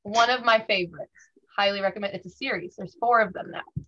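A woman's voice: medium pitch, fairly quick, pushed and bright. A woman guest from a band, chatting casually and upbeat in a podcast interview. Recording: dull lo-fi audio.

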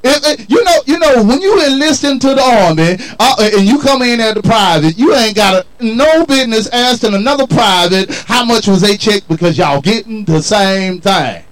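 Male preacher, high and expressive, emphatic colloquial sermon delivery. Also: normal speed, few pauses, low-quality recording. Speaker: pastor.

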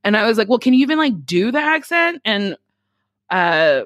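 A woman's voice: a little high, sing-song, normal speed, dry recording, studio quality. A woman comedian, a guest on a chat podcast, talking bluntly, swearing freely and acting out other people's lines. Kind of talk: casual chat.

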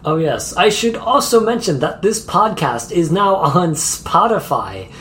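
A man's voice: high voice, sing-song, unhurried, fairly bright tone, a little hiss or hum. A man co-hosting a casual travel podcast, rambling with many fillers and laughing often. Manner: rambling, giggly, lots of fillers. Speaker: podcast co-host.

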